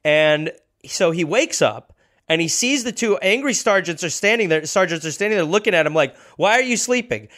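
Man telling a story with a lively voice. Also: on the high side, moderate pace. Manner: reads history notes with jokey asides. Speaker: podcast host. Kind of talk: casual comedic storytelling.

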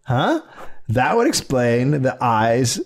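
A man hosting a comedy podcast, telling a true story with a deadpan, sarcastic delivery. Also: medium pitch, slow. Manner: deadpan storyteller who mock-defends the lie with sarcasm.

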